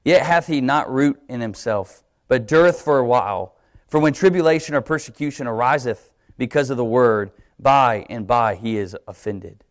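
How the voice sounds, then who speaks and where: A young adult man preaching a sermon in a church, telling a personal story with animated shifts in voice as he acts out his own thoughts. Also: mid-range voice, normal speed. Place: church sanctuary, live stream.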